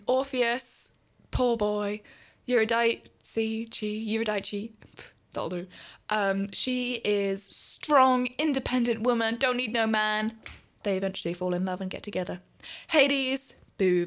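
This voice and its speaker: A woman's voice: mid-range voice, a bit bright. A bubbly young woman, hosting a student radio show in a rambling casual chat that is full of laughs. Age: young adult.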